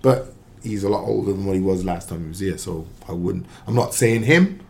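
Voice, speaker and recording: A man, a former striker, giving his football opinions in a casual sports radio chat, emphatic and quick to jump in. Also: low voice, vocal fry. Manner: animated, emphatic, interjects often.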